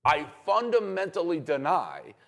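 A man's voice: fairly high pitch, huge pitch swings, a little slow, gravelly. Insistent man arguing about sports. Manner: insistent and emphatic. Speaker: sports podcaster. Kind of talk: argumentative sports commentary.

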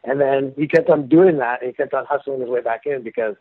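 A rock singer on a casual phone interview speaks briskly at a medium pitch, wandering through stories with lots of fillers and false starts. The guest's voice comes through a dry, tinny phone line.

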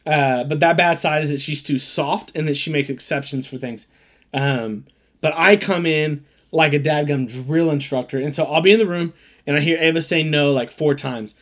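A man in his thirties with a slightly raised voice, co-hosting a relaxed podcast chat. He talks animatedly and jumps into quick impressions of family members as he tells stories. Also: on the high side. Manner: animated storyteller who acts out quotes. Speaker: podcast co-host. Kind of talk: casual chat.

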